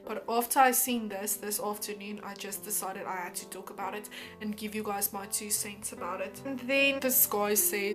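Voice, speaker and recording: A woman's voice: mid-range voice, fairly even intonation, normal speed, a bit bright, faint music behind. A woman vlogger talking casually and emphatically, reacting to comments with exasperation.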